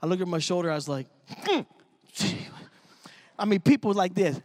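High-pitched lively preacher man. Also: very fast. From Pittsburgh. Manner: animated, storytelling, street-talking preacher. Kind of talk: sermon.

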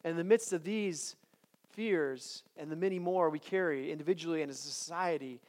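A man with a high, light voice preaches to a chapel congregation. He talks in a loose, conversational way, often restarting words, then builds into strong, repeated declarations. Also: normal speed, a little mellow. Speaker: chapel speaker. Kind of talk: sermon.

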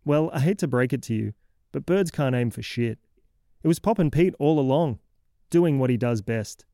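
A man's voice: medium pitch, animated, normal speed, dark tone, no room sound, clean studio sound, natural voice. A man playing a cranky townsman who lectures and mocks a kid in a comic horror monologue. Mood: mocking. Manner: exasperated, mocking, lecturing.

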